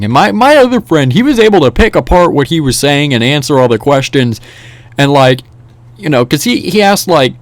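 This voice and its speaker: A man's voice: medium pitch, dry recording. Rambling young man telling a story. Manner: rambling, animated, many restarts and fillers. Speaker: vlogger. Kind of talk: casual storytelling over gameplay.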